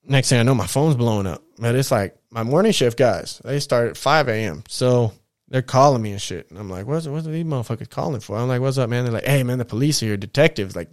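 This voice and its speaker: A man tells a rambling, profane story in a loose, laid-back way. His voice is smooth and resonant, close and dry with no room sound. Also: mid-range voice, dry recording. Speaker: podcast storyteller. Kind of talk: casual storytelling.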